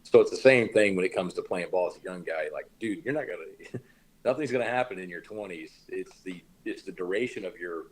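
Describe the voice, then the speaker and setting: A man's voice: deep voice, a little fast, a little hiss or hum, rough recording. A man hosting a casual podcast chat, giving laid-back, coach-like advice full of slang. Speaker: podcast host.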